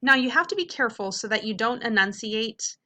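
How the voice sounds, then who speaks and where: Upbeat woman teacher, crisp bright voice, sounds out words slowly for kids. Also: fairly high pitch, lively intonation. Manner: upbeat, checks in with frequent "okay?"; slows to sound out words carefully. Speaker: reading teacher. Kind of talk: classroom video lesson.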